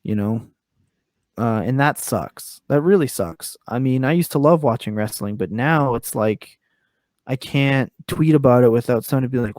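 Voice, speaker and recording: Male wrestler, podcast guest, blunt ranting talk, mid pitch, dry mic. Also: normal speed, darkish tone, dry recording. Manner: candid, swears freely, rants with rising pitch. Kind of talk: casual podcast interview. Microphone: remote call mic.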